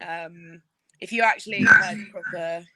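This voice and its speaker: A woman from England with a London accent chatting casually, relaxed and quick to laugh. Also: on the low side, heavy background noise. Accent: London English. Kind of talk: casual chat.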